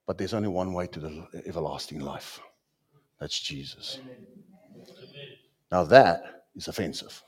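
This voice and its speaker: Male pastor, South African accent, church sermon, very animated pitch, playful asides. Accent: South African English. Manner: lively, joking, switches to Afrikaans asides.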